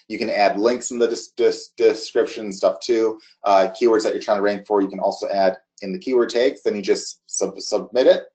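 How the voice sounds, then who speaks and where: Mellow-voiced man demoing software. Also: lowish voice. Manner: halting, many restarts and fillers. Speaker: software demo presenter. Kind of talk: casual screen-share walkthrough.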